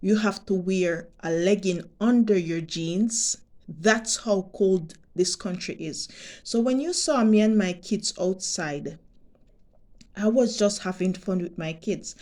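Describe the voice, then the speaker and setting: A Jamaican woman talks straight to her viewers at an unhurried pace. Her voice is mellow and soft-edged, and she makes her points with deliberate emphasis, going back over them to drive them home. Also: lowish voice. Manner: deliberate, emphatic, repeats herself. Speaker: vlogger. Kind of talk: direct-to-camera monologue.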